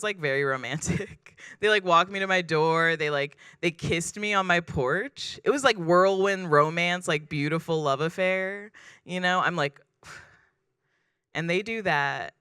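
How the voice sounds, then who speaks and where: A woman performing a stand-up comedy set on a club stage, deadpan and self-deprecating, acting out the people in her stories. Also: lowish voice, measured pace, smooth, no room sound, clean studio sound.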